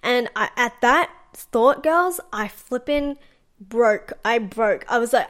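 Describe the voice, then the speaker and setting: A woman's voice: on the high side, takes it slowly. A young woman, telling a personal story in a chatty, casual podcast style. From Australia. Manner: chatty, animated, lots of "like" and acted-out quotes. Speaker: podcast host.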